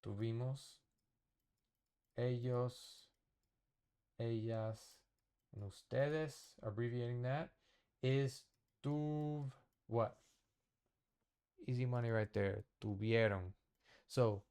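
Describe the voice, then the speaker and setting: Man, language teacher, slow, mellow, patient, casual lesson. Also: medium pitch, smooth. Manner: slow, patient explaining with fillers and repeated checks. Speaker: Spanish teacher.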